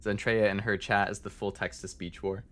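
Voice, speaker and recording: A man's voice: lowish voice, level tone, normal speed, a bit bright, soft background music. A man streaming as a VTuber, chatting casually and rambling as he answers his chat, with many fillers.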